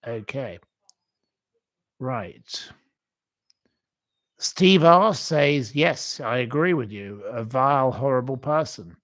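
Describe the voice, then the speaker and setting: A man's voice: medium pitch, takes it slowly, pauses often, a bit bright. A man hosting a livestream, reading out viewer comments and ranting bluntly with repeated insults. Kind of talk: casual live-chat rant.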